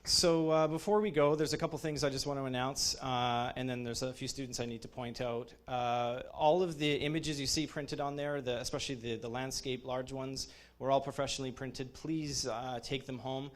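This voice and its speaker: A man in his thirties giving an informal graduation speech as program head, halting with many fillers and restarts, openly emotional toward his students. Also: mid-range voice, steady tone.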